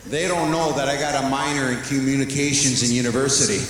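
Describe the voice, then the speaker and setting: A Canadian stand-up comedian tells a story on an arena stage, animatedly playing both sides of each conversation. He speaks fast in a medium-pitched voice. The arena is echoey with long reverb, and there's background noise.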